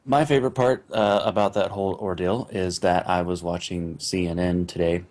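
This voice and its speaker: A man's voice: low voice, fairly even intonation, moderate pace, darkish tone. A man co-hosting a casual podcast, joking in a playful way. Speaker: podcast co-host.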